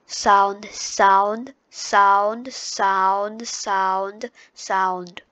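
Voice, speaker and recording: A woman walks through a screen-recorded tutorial at an unhurried, slow pace. Her pitch sits mid-range, and her delivery is loose and chatty, full of fillers and restarts. She is recorded on her computer's microphone. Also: flat delivery, sharp tone, dry recording, muffled recording. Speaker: tutorial host.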